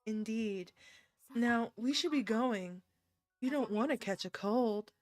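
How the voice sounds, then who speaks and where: A woman voicing a calm, gentle mother in a game, speaking in a measured, formal way. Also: fairly high pitch, dry recording, clean studio sound, soft background music.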